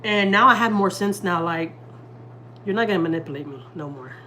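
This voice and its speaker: A woman's voice: on the low side, lively intonation, a little fast, bright, forceful tone, slight background noise. Blunt, profane woman telling a story. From Houston, Texas. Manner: profane, candid, quotes people in dialogue. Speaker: family vlogger. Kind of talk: casual storytelling to viewers. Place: home kitchen.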